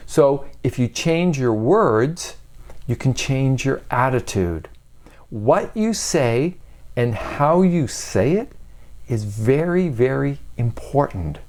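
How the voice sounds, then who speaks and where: A man's voice: medium pitch, darkish tone. A man giving an earnest, emphatic motivational self-help talk that is full of rhetorical questions.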